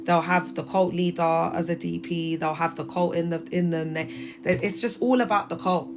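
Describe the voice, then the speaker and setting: A woman's voice: fairly low pitch, fairly even intonation, normal speed, music in the background. A woman in her thirties hosting a casual livestream from her phone, talking emphatically and addressing viewers directly. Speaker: livestream host.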